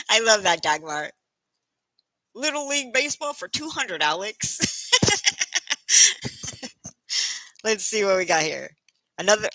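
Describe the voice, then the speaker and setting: A woman's voice: mid-range voice, sharp tone, no echo, rough recording. A woman hosting a casual trivia stream, playful and laughing often as she reads out chat.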